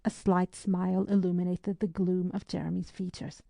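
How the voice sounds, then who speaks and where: Female audiobook narrator, mellow and low, dry close-mic read. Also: level tone, normal speed, vocal fry, hardly any pauses, no echo.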